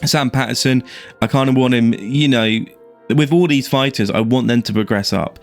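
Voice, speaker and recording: A man's voice: medium pitch, moderate pace, soft background music. An Irishman giving casual, rambling fight predictions on his YouTube channel, with plenty of fillers and restarts. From Ireland. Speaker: MMA YouTuber.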